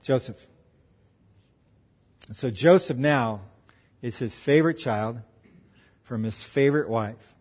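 A man preaching in a church, retelling a story with lively acted-out voices. His pitch sits at a middle level, and a long reverb from the hall follows each phrase. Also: slow pace, long pauses. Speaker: pastor. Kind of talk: sermon storytelling.

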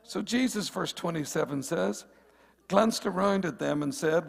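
A man preaching a sermon in church, playful and teasing with the congregation and rising to emphatic shouts. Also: high voice, lively intonation, normal speed, creaky, breathy edge. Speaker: pastor.

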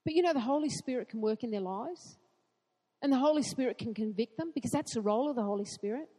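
A woman preaching a sermon in an earnest way, asking rhetorical questions and building to excited emphasis. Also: on the high side, fast talker, big-room sound.

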